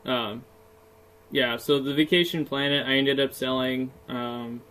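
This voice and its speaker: A man co-hosting a casual podcast chat, talking in an upbeat way with a voice going hoarse. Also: medium pitch, fairly even intonation, a little slow, a bit bright, poor audio. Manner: chatty and upbeat, laughs often, many fillers. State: voice getting hoarse. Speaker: podcast co-host, self-published author.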